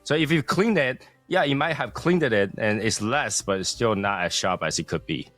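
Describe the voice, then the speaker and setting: A man's voice: medium pitch, moderate pace, a bit bright, soft background music. A man co-hosting a casual podcast, explaining things patiently and teasing the others. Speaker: podcast co-host. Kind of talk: casual chat.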